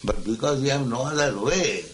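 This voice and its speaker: A man's voice: medium pitch, moderate pace, slight background noise, low-quality recording. A man, a spiritual teacher speaking emphatically and admonishingly in a philosophical discussion.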